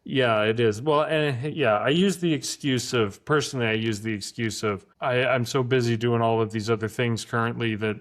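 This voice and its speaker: A man's voice: mid-range voice, normal speed, hardly any pauses, fairly bright tone. A man hosting a casual podcast interview, hesitant and self-deprecating, with stumbling restarts. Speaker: podcast host. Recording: roomy echoey room sound.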